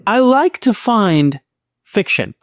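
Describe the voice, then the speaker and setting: A man hosting a podcast, asking long, deliberate questions in a conversation. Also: sits high, big pitch swings, no echo, studio quality. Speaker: podcast host. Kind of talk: interviewing in conversation. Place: indoors, in-person conversation.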